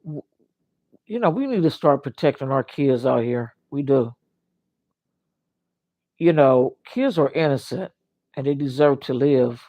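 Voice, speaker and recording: A man's voice: mid-range voice, lively intonation, measured pace, pauses often, mellow, no echo. An older man talking earnestly on a casual livestream, rambling and circling back to the same points. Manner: rambling, earnest, repeats "you know what I mean". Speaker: livestream host.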